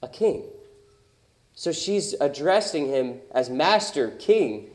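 Conversational pastor preaching, slightly high voice. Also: male voice, sing-song, measured pace, darkish tone. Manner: conversational, rhetorical questions, emphatic. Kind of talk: sermon.

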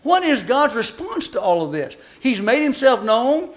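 A middle-aged man preaching a sermon, telling folksy stories and reading scripture slowly. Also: extremely high pitch, very animated. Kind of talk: storytelling sermon.

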